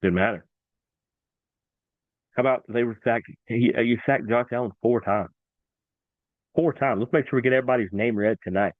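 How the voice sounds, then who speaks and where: A man hosting a casual sports talk show, excitable and animated, repeating himself for emphasis. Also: medium pitch, moderate pace, long pauses, no echo. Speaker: sports podcast host. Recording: dry, tinny phone-like sound.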